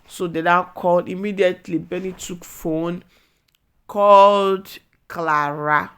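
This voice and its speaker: A woman with a Nigerian accent casually retelling a movie plot as a vlogger, excitable and full of exclamations, slipping into pidgin. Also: fairly low pitch, moderate pace. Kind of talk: casual storytelling recap.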